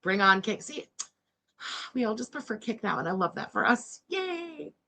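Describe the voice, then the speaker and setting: A woman in her forties hosting a livestream reaction, loud, mocking and swearing, yelling often. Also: medium pitch, normal speed, gravelly.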